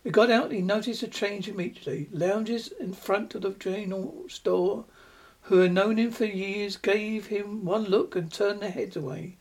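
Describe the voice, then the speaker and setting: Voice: medium pitch, steady tone, moderate pace, a little mellow. A reader narrating a short story aloud, with an uneven pace and occasional restarts.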